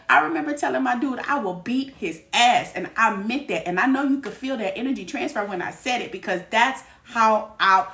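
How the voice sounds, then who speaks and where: A woman giving a live tarot reading. She talks in a candid, lively way, laughs often and uses streetwise slang. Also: fairly high pitch, normal speed, creaky, distant mic. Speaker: tarot reader. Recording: echoey room, voice a bit off-mic.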